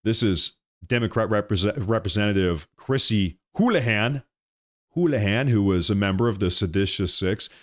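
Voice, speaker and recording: A man's voice: fairly low pitch, normal speed, fairly bright tone. A man hosting political commentary, ranting heatedly and firing off repeated rhetorical questions.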